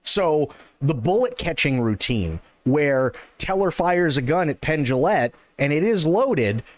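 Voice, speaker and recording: A man's voice: a little high, big pitch swings, unhurried, dry recording. A male streamer ranting in casual, profane, sarcastic chat on a live stream.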